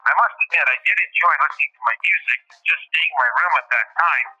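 A man hosting a podcast, reading his own memoir aloud in a steady, formal way. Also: a little high, quick pace, lo-fi sound. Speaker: podcast host.

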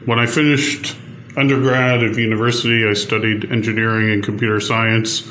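A man as a podcast guest, answering interview questions in a composed, measured way. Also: on the low side, level tone, bright, forceful tone, roomy sound, slight background noise.

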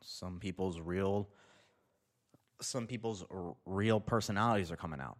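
A man's voice: sits low, a little slow. A man ranting on his show in a sarcastic, profane comedic style, swearing freely. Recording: long reverb.

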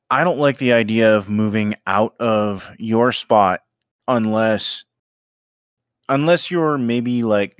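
A man co-hosting a casual hockey podcast, giving his opinions in a relaxed way. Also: lowish voice, smooth, no room sound, studio quality. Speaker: podcast co-host. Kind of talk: casual sports podcast chat.

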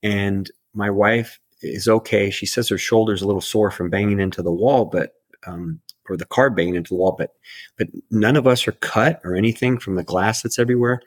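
A middle-aged man telling a personal story on a podcast in an earnest, halting way, often restarting his sentences. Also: on the low side, husky, no echo. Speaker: podcast guest.

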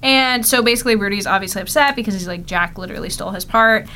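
A woman's voice: mid-range voice, fast talker, pushed and bright. A young woman co-hosting a podcast, casually retelling episode plots with frequent giggles and filler words. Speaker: podcast co-host. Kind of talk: casual chat recapping episodes.

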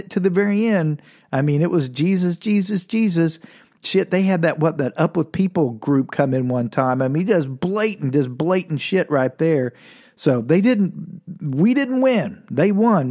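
A man from Oklahoma, a podcast host telling a comic story with wry asides, loud punchlines and low muttered remarks. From Oklahoma, USA.

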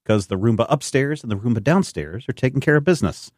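A man co-hosting a podcast in casual chat, explaining things with quick enthusiasm. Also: medium pitch, lively intonation, darkish tone, no echo, clean studio sound. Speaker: podcast co-host.

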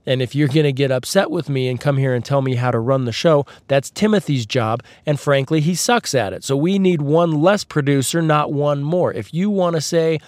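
A man hosting a podcast, telling a rambling comedic story with sarcastic asides, his voice a little husky from a tickle in his throat. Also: on the high side, normal speed, hardly any pauses, a little mellow, dry recording. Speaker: podcast host. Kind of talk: casual comedic storytelling monologue.

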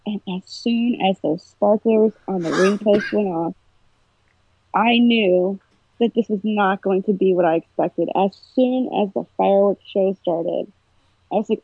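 This woman speaks a little slowly in a mid-range, husky voice, carried over a tinny phone-like line in a dry recording. She's chatting casually on a podcast, telling an emotional, animated story.

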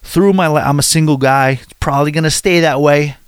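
A man's voice: on the high side, fairly quick, smooth, no room sound, clean studio sound. A man in his forties, chatting casually and telling rambling, self-deprecating stories with many restarts. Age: 40s. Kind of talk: casual chat.

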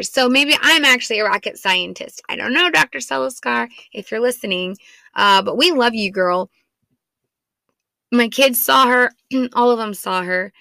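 A woman's voice: on the high side, vocal fry, bright, forceful tone, no echo. A woman in her thirties, a mother of four, telling a family story in a chatty, rambling, self-deprecating way with lots of "like". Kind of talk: casual storytelling podcast.

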